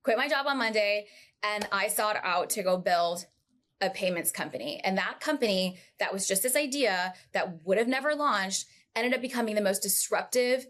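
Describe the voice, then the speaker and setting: Woman, podcast guest, casual storytelling, animated, chatty, middle pitch. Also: normal speed. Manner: animated, chatty, full of asides.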